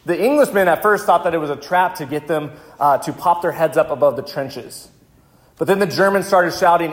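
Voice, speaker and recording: A male pastor telling a vivid story in a sermon, slowing down for dramatic moments. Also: on the high side. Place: church.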